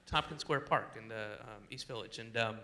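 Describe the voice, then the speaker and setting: A man's voice: on the low side, normal speed. A man doing a stand-up comedy routine, rambling and interrupting himself. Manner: rambling, self-interrupting, animated.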